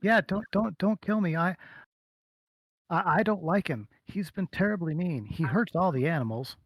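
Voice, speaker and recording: A man's voice: high-pitched, fairly quick, creaky, darkish tone, dry recording, pitched above the performer's own voice. A man voicing a frightened young girl in a tabletop game, who stammers and pleads as she talks. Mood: frightened, pleading.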